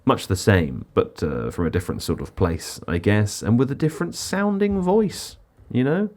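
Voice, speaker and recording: A man's voice: fairly low pitch, expressive, normal speed, a little mellow. A man hosting a casual podcast chat in a playful, mock-dramatic way. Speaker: podcast host.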